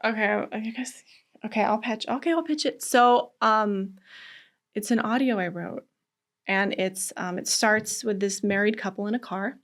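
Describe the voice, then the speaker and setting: A woman guest in a casual interview, telling animated stories, acting out quotes, laughing often. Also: medium pitch, moderate pace.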